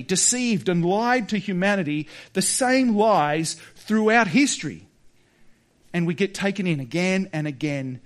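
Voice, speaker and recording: A man with a fairly high, light voice preaches. He talks earnestly, pressing his listeners with rhetorical questions. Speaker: pastor. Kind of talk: sermon.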